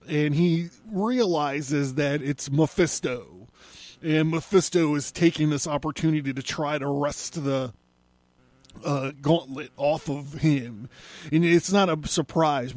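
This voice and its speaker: Dude casually recapping a comic on his podcast, slow and chuckly, kinda higher voice, dry close mic. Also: dry recording. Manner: relaxed, chuckling, with many filler words. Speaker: podcast host.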